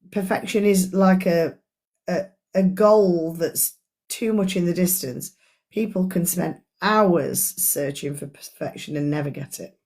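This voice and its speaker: A woman's voice: fairly low pitch, a little mellow. A middle-aged woman, a life coach, leading an earnest, chatty book club discussion on a live stream and talking straight to her audience.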